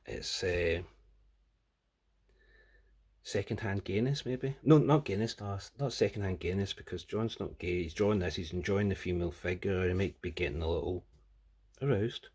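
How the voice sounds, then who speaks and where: A man's voice: deep voice, moderate pace, a little mellow, husky. A man casually reviewing a comic book, rambling and crude with plenty of jokes.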